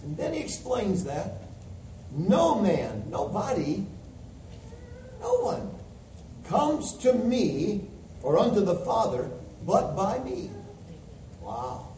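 A high-pitched man preaches with fervor, stressing each verse he quotes. His voice is mellow and set back from the mic. The room is echoey, with a faint hiss behind it. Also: huge pitch swings, slow pace, long pauses, far from the mic. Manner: emphatic, quotes scripture with rising fervor. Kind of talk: sermon.

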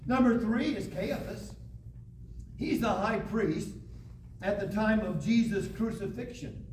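A man teaching a Bible lesson to a class, reading scripture aloud with dramatic pauses. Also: sits high, a little mellow. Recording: echoey room, distant mic, faint hiss.

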